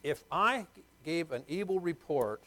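A man's voice: a little high, lively intonation, unhurried, fairly bright tone, rough recording. A middle-aged man delivers a sermon in a slightly raised voice. He leans hard on key words, repeating them, and keeps putting questions to the congregation. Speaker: pastor.

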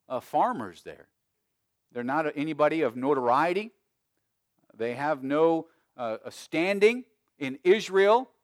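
A man preaching a sermon as pastor, emphatic, with big swings between loud and quiet and frequent restarts. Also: mid-range voice, no room sound, clean studio sound. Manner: frequent repeated words and restarts.

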